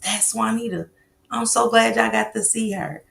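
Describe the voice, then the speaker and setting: A woman hosting a casual live stream, telling stories loudly and animatedly with slang and swearing. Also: on the high side, moderate pace, gravelly.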